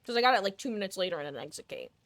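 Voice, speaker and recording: A woman's voice: medium pitch, lively intonation, very fast, a bit bright, no echo. Chatty self-mocking woman streamer. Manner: chatty, thinking aloud, self-deprecating asides. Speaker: game streamer. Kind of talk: casual gameplay commentary.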